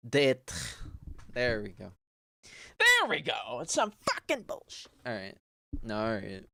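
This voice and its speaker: Male streamer, slow halting read-aloud on a desk mic, smooth clear tone, dry close sound, casual and profane. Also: medium pitch, wildly swooping pitch, pushed and bright, dry recording. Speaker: streamer reading a book aloud. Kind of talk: casual live-stream reading.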